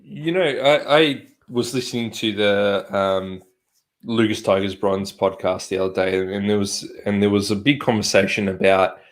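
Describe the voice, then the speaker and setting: A man's voice: lowish voice, fairly even intonation, moderate pace. A man, co-hosting a casual podcast and pressing his points with repeated emphasis. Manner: emphatic, repeats himself for stress. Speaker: podcast co-host.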